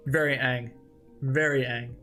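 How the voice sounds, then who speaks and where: A man hosting a casual comic read-along, reacting excitedly and thinking aloud as he goes. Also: mid-range voice, drawn-out words, faint music behind. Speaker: host.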